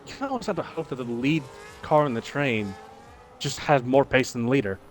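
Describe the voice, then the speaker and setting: A man's voice: mid-range voice, a little fast, slight background noise. A man co-commentating a live online racing league in a casual, analytical way and laughing easily.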